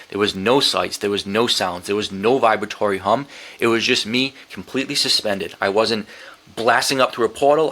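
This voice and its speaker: A man's voice: fairly low pitch, sharp tone. A middle-aged man as a podcast guest, telling a profane, emotional story with many restarts and quoted inner thoughts. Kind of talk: candid storytelling interview.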